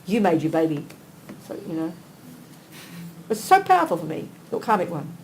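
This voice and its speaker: An older woman giving a Buddhist teaching in a blunt, emphatic, conversational way, swinging between quiet asides and animated bursts. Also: fairly low pitch, moderate pace, a little hiss or hum, low-quality recording. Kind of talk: dharma teaching talk. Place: teaching hall.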